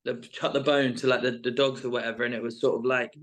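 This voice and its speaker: A man talks loosely and casually as a guest, stringing his thoughts along with plenty of fillers. His voice sits at an ordinary middle pitch and he never sounds scripted. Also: level tone, quick pace. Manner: rambling, full of "like" and "sort of". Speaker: reality show contestant guest. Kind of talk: casual interview chat.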